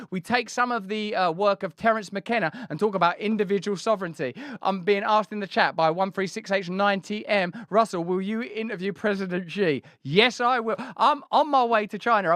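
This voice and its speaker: A man hosting a casual political commentary show, animated and jokey, slipping into silly put-on voices. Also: sits high, dry recording, clean studio sound. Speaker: host.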